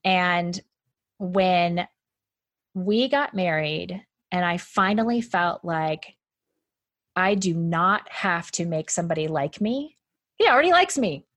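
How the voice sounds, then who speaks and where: A woman's voice: on the low side, expressive, slow, fairly bright tone, dry recording. A woman in casual conversation, talking freely and laughing often, with a lot of "like" in her speech. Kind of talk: casual chat.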